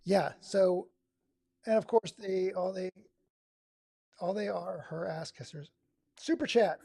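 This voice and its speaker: A man's voice: sits high, animated, unhurried, vocal fry, long pauses, warm tone, slightly rough, dry recording, clean studio sound. A man from Oregon hosting a live stream, giving sarcastic, exasperated running commentary. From Oregon, USA. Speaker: livestream host.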